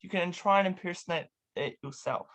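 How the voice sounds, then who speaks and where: A man's voice: high-pitched, fairly quick, a bit bright. A man hosting a casual interview over a video call, upbeat and playful, giggling as he sets up games. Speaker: interview host.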